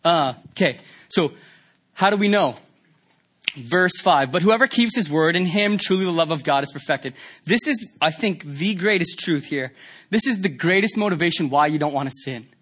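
A man preaching a sermon in a conversational, animated way, asking the congregation rhetorical questions. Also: fairly high pitch, moderate pace. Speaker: pastor.

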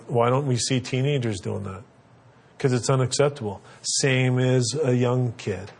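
A man's voice: mid-range voice, slightly rough. A middle-aged man giving earnest, conversational parenting advice with frequent fillers. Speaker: parenting speaker. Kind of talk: instructional talk.

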